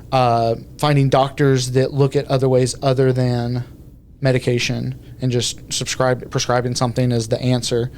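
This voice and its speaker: A man's voice: medium pitch, a little mellow. Guy cohosting a podcast, rambles a bit, lots of um and you know, faint hiss. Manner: rambling, loose sentences with many fillers. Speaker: podcast co-host. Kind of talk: casual podcast chat.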